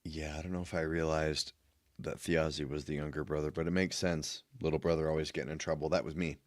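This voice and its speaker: A man co-hosting a casual podcast, who answers in a relaxed, agreeable way. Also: a bass voice, quick pace, dry recording, clean studio sound. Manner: relaxed, agreeable, short replies. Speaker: podcast co-host. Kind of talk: casual chat.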